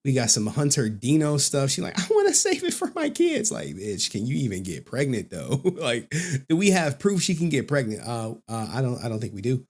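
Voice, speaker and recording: A man's voice: mid-range voice, big pitch swings, moderate pace, hardly any pauses, darkish tone, husky. A man hosting a casual live stream, loose and joking, who repeats his phrases and laughs often. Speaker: stream host and commentator.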